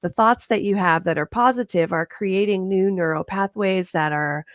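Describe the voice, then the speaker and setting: A woman's voice: medium pitch, moderate pace, no room sound, studio quality. A woman reverend giving a conversational sermon to her congregation, often chuckling and asking "right?".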